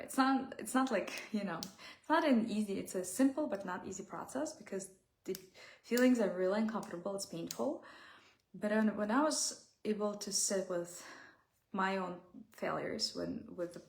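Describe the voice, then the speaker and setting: Woman, mid-range pitch, gravelly fry, heartfelt and searching for words, in a roomy echoey space. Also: moderate pace, slight background noise. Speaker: self-help speaker. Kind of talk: reflective personal talk.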